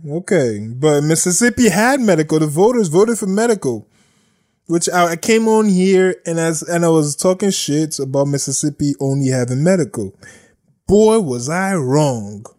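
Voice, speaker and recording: A man's voice: on the high side, animated, normal speed, a little mellow. A man hosting a podcast, giving blunt, sarcastic casual commentary on news, repeating himself and laughing at his own jokes. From United States. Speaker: podcast host.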